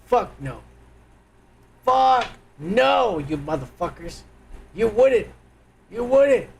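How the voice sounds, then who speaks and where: A livestream host with a high-pitched, very animated voice speaks slowly with vocal fry, and there's a little hiss or hum. He reacts to clips with crude, loud, mocking, profane commentary aimed directly at his viewers.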